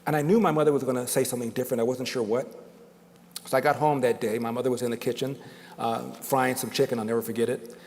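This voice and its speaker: A man's voice: mid-range voice, fairly even intonation, quick pace, darkish tone. An older man giving a storytelling speech to an audience, dramatic and building emphasis through repetition. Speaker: guest speaker. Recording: long reverb of a large hall.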